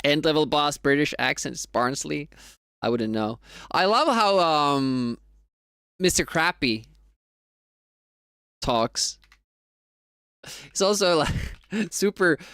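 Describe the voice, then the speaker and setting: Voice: mid-range voice, a bit bright, clean tone, no room sound. A streamer from Finland with a Finnish accent and Finnish as a first language, chatting casually with viewers on a live speedrun stream, rambling and laughing often.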